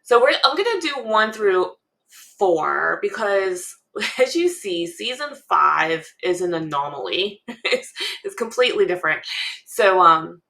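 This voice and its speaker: A woman's voice: mid-range voice, very animated, measured pace, gravelly, bright, forceful tone. A woman co-hosting a casual fan chat, thinking aloud with frequent ums and little laughs. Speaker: podcast co-host.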